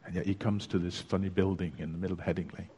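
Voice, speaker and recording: A man preaching a sermon in a church, telling stories in a chatty, unhurried way with small hesitations. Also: sits low, flat delivery, warm tone, a little hiss or hum. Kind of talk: sermon with a joke. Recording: long reverb of a church hall.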